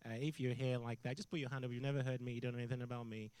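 A middle-aged man preaching as a guest in a church, intense and animated, breaking into shouts as he tells stories. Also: medium pitch, rapid-fire, clean tone, no room sound. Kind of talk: sermon. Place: church hall.

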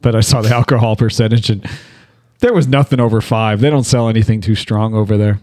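A man's voice: fairly low pitch, steady tone, fast, a little mellow, dry recording, clean studio sound. A man in a casual chat, telling laid-back stories and laughing at his own jokes.

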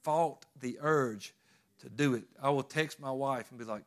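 A man's voice: mid-range voice, fairly quick, a bit bright. A middle-aged man, preaching a sermon in a folksy storytelling way that swells when he stresses a point. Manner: folksy storytelling with rising emphasis. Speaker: pastor.

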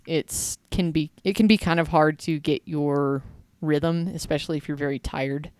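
A woman's voice: low voice, fairly even intonation, normal speed, a little mellow, no echo. A woman co-hosting a casual podcast who laughs easily and tells rambling stories. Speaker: podcast co-host. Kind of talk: casual chat.

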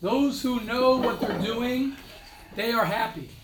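A man's voice: extremely high pitch, slow pace, very noisy. A man giving an informal, emphatic talk to yeshiva students, repeating phrases and mixing in Hebrew and Yiddish words.

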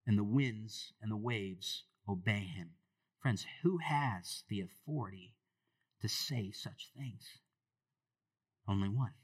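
A man in his thirties preaching a sermon, earnest and animated, asking the congregation rhetorical questions. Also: mid-range voice, far from the mic. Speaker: pastor.

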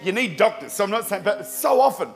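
A man, a pastor preaching a sermon in a church service, telling anecdotes in a lively way and often repeating words. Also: high-pitched, fast talker. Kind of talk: sermon with storytelling.

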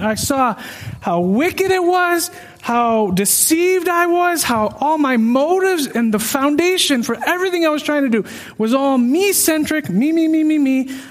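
High-voiced man telling his testimony. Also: big-room sound. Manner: earnest, emotional, self-deprecating. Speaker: speaker sharing a personal testimony. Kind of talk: personal testimony storytelling.

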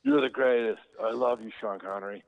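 A man imitating his excitable, brash comedian brother, with loud, jumpy outbursts that jump up in pitch. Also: normal speed, creaky. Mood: gushing starstruck. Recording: tinny phone-like sound.

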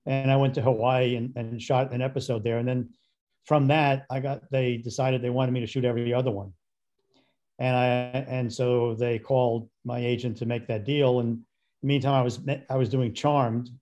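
An older man in a mid-range voice, speaking as a guest on an interview podcast. He rambles through a long anecdote, restarting sentences and playing each person in the story. His pitch sits squarely in the ordinary male range. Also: level tone, moderate pace, a little mellow, dull audio. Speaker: guest director.

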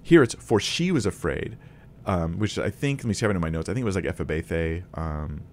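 Lively low-voiced man teaching casually. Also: brisk. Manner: conversational, thinks aloud with restarts and small laughs. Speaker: Bible teacher. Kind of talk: casual teaching video to camera.

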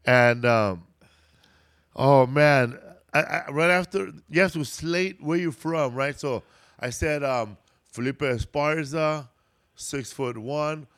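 A man's voice: on the high side, takes it slowly, fairly bright tone. A man from Los Angeles co-hosting a podcast in casual chat, loose and joking, swearing freely. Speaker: podcast co-host.

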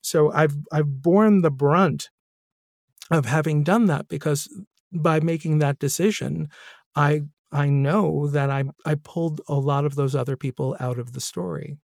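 A man's voice: fairly high pitch, measured pace, creaky, no echo, studio quality. A man hosting a podcast interview, a narrator himself, talking questions through thoughtfully with light laughs. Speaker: podcast host and audiobook narrator.

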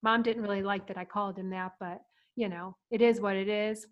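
A middle-aged woman from Ohio hosting, telling family stories in a chatty, animated way with frequent laughter. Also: mid-range voice, brisk, highs cut off. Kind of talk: casual storytelling.

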